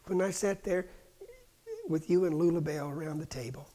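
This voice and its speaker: A man preaching a sermon, dropping to hushed whispers and rising to loud, fervent cries. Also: a little high, moderate pace.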